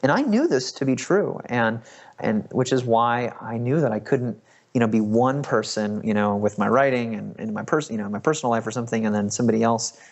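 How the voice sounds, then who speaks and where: A man's voice: mid-range voice, a little fast. A man in his thirties, a podcast host, telling a personal story in a conversational way with many fillers and restarts.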